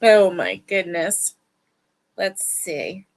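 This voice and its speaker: Woman, crochet livestream host, tired and yawning, chatty, unhurried. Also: on the low side, sing-song. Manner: sleepy, chatty, warm greetings to viewers. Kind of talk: casual livestream chat. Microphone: livestream webcam mic.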